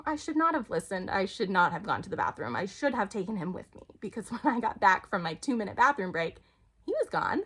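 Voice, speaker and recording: A woman's voice: high-pitched, a bit bright. A young adult woman giving an earnest, rambling self-help talk to camera, with lots of fillers. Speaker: vlogger.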